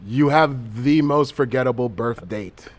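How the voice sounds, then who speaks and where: A man's voice: medium pitch, measured pace. A man hosting a casual podcast, joking around and swearing freely as he tells stories. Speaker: podcast host.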